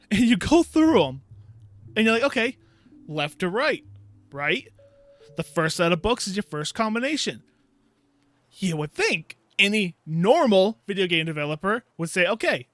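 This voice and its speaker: Male gaming YouTuber, higher voice, dry close mic, exasperated ranting review with laughs. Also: fairly bright tone, dry recording. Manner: exasperated, laughing storyteller who acts out his own reactions. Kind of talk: casual ranting game review.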